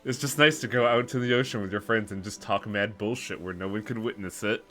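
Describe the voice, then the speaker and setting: A man's voice: on the low side, a little fast, a bit bright. A young man chatting casually and joking while streaming a game, tired from hours of talking. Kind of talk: casual live-stream chat.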